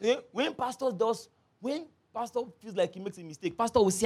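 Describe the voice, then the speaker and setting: A man preaching a sermon, telling stories with lively repetition. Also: high-pitched, fairly quick, breathy edge. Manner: animated storytelling, repeats phrases, laughs often. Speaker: pastor.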